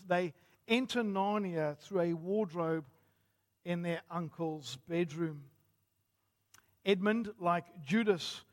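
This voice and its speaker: High-voiced earnest pastor. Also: male voice. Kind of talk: sermon.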